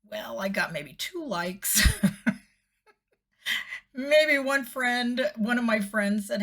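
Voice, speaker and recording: A woman's voice: medium pitch, takes it slowly, pauses often. A middle-aged woman, a former TV host, chatting casually in a personal vlog, laughing often and slipping into whispery voices when quoting.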